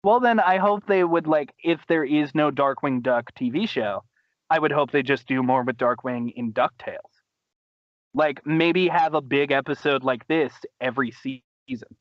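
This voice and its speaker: A man hosting a podcast, casually recapping a cartoon episode in an animated way, laughing and acting out quotes. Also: moderate pace, no echo, lo-fi sound. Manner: animated, laughing, acts out quotes in high voices. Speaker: podcast host.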